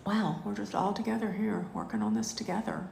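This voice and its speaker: A woman, teaching a live online spiritual class in a gushing, heartfelt way with drawn-out thank-yous. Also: medium pitch, big pitch swings, creaky, darkish tone, slight background noise. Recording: echoey room.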